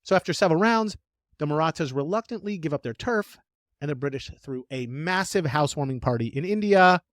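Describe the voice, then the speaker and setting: A man co-hosting a casual podcast, telling history as jokey, animated stories. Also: fairly high pitch, a little fast, no echo, studio quality. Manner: jokey, animated storytelling with playful put-on voices. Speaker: podcast co-host.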